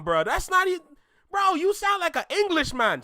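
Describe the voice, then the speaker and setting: A woman's voice: very high voice, big pitch swings, moderate pace. A woman from Toronto with a Caribbean-Canadian accent, teasing and chatting casually as a co-host during a reaction. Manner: playful, teasing, drops to soft asides.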